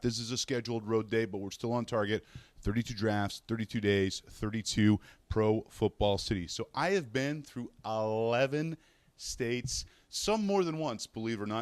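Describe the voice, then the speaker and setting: Man, from Canada, fantasy sports radio host, chatty storyteller, lowish voice, dry close sound. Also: dry recording. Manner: chatty, animated storyteller, acts out quoted people. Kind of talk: casual solo show, storytelling. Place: hotel room.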